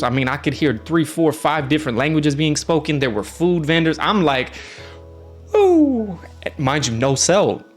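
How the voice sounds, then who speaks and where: A man casually telling a travel story on his stream, animated and jumping into quoted voices. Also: mid-range voice.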